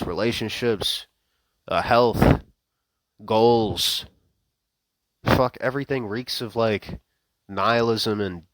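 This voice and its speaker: Young man, lowish voice, dry close mic, swearing, rambling rant with wry laughs. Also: dry recording. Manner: profane, rambling, heavy fillers, restarts, wry laughs. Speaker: vlogger. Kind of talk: unscripted spoken rant. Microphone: close microphone.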